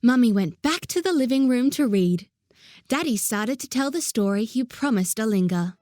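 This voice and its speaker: A woman narrating a children's audiobook in a gentle, even storytelling manner. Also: a little high, moderate pace, no echo.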